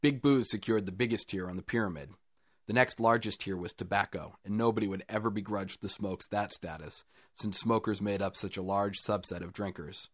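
A man reading a first-person short story aloud in a calm, even storytelling manner with dry understatement. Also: on the low side, fairly quick, no room sound. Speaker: story reader.

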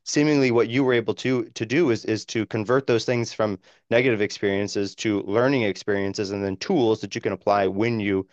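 A man's voice: fairly low pitch, steady tone, fairly quick, hardly any pauses, no echo. A male podcast host who stops and restarts his phrases as he thinks aloud while summing up his guest's point. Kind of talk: interviewer summing up and asking. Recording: dry, dull lo-fi sound.

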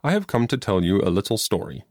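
Man reading a patient earnest pastor, low voice, lively, dry close sound. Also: fast talker, no room sound. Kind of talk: audiobook reading.

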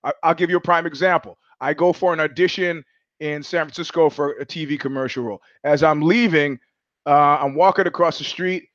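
Brief: male host on a livestream, rambling storyteller, voice a bit higher than usual, dry and slightly dull audio. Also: steady tone, fairly quick, fairly bright tone, no echo. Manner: rambling storyteller with many restarts and quoted asides. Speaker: show host. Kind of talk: casual livestream monologue.

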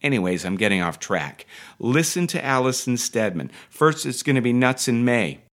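A man's voice: mid-range voice, big pitch swings, normal speed, fairly bright tone. A man teaching acting on a podcast, talking casually and enthusiastically, with restarts and digressions. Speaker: acting coach.

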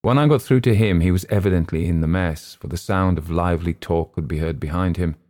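A man reading a first-person thriller audiobook in a measured, understated manner. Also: deep voice, a little mellow. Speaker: audiobook narrator.

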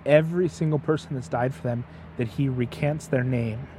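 A man's voice: mid-range voice, steady tone, normal speed, mellow, slight background noise. A man chatting as his father's guest, retelling a story with passion and often stumbling over repeated words. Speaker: guest, host's son. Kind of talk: casual storytelling chat.

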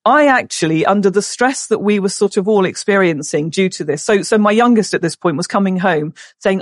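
A woman in her forties, a podcast guest, tells a personal story emotionally, halting and restarting often. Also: medium pitch, animated, no room sound, clean studio sound.

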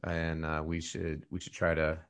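A man's voice: a bass voice, monotone, moderate pace, smooth. A man hosting a podcast in casual chat, rambling with lots of fillers and restarts. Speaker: podcast host.

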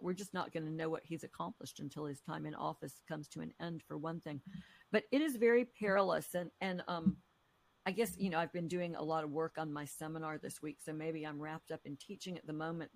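Middle-aged woman, ex-prosecutor guest, low and gravelly, measured and teacherly. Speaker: former U.S. attorney, guest. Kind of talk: interview conversation.

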